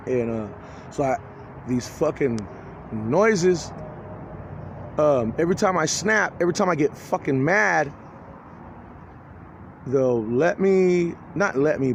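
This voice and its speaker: Man, 40s, high voice, agitated profane confessional vlog, halting delivery, light street noise. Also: vocal fry. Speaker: vlogger. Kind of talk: rambling confessional video monologue.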